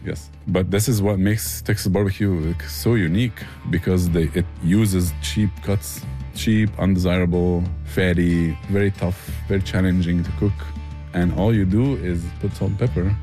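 A man's voice: deep voice, steady tone, normal speed, warm tone, faint music behind. A man, a barbecue restaurant owner answering interview questions earnestly and enthusiastically, often restarting his phrases.

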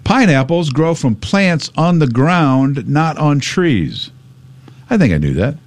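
A man's voice: on the high side, slow, no echo. A man hosting a radio show, talking through a list of trivia in casual, joking banter. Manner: chatty, jokey, animated delivery.

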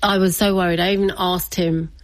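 A woman's voice: lowish voice, brisk, no echo. A woman, a guest in an interview, telling a personal family story with lots of laughter. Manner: animated, laughs often, acts out family members' voices.

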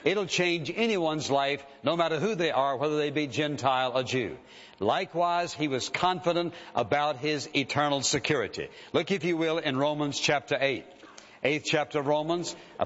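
A man preaching a sermon, measured, slowing down to read scripture aloud. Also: a little high, fairly bright tone. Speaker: pastor. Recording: dull audio with long hall reverb.

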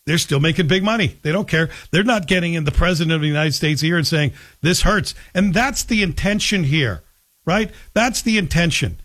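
A man's voice: fairly high pitch, lively intonation, a little fast, a bit bright. Blunt, sarcastic male talk host. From Canada. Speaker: radio talk show host. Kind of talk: opinionated monologue.

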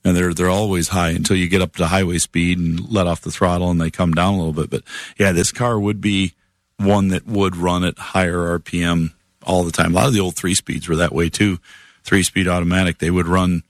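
A man's voice: low voice, flat delivery, fairly quick, no room sound, clean studio sound. A man co-hosting a car advice radio show, explaining car problems in a plain, folksy way. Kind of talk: casual call-in radio chat.

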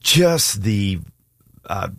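Low-pitched man hosting a faith call-in radio show. His voice sits deep and dry, close to the mic with no room sound. He greets callers and encourages them. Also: very animated, very slow, no room sound. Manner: warm, encouraging, affirming callers. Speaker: radio host.

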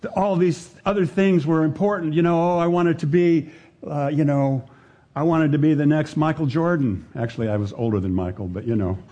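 An older man preaching a sermon, slow and earnest, dropping to a near-hush on his key phrases. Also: fairly high pitch, muffled recording.

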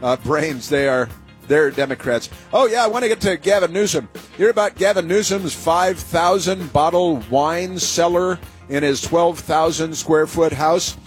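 A man's voice: fairly high pitch, a little slow, soft background music. A male talk radio host speaking in a rambling, sarcastic monologue full of fillers and restarts.

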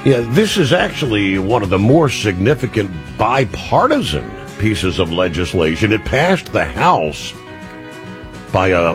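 A man hosting a talk radio show, reading news items and adding opinionated, conversational asides with frequent "uh" fillers. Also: lowish voice.

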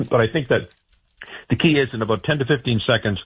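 Low husky guy on the radio giving campaign advice, lots of you knows, kinda muffled. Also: fairly quick, dry recording. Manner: rambling, many fillers and restarts. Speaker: political strategist guest. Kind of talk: radio interview.

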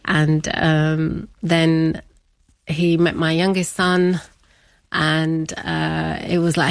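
A woman's voice: lowish voice, steady tone, takes it slowly, gravelly, no echo. A middle-aged woman telling a personal story as an interview guest, chatty, laughing often and acting out what family members said.

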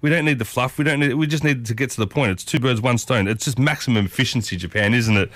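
A man's voice: mid-range voice, quick pace, fairly bright tone, no echo. A man hosting a radio show, chatty and enthusiastic, often calling his listeners folks. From Italian heritage. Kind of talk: casual radio talk segment. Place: radio studio.

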